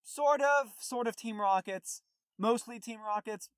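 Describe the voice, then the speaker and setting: A man with a fairly high voice chatting on a podcast, recapping a movie in a rambling way full of fillers and restarts. He is recorded close and dry, with no room sound. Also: unhurried, clear, resonant tone, dry recording. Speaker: podcast co-host.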